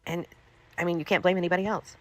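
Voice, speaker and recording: Fast-talking woman ranting with profanity. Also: lowish voice, flat delivery. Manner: profane, scolding, repetitive. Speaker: livestreamer. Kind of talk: angry ranting livestream.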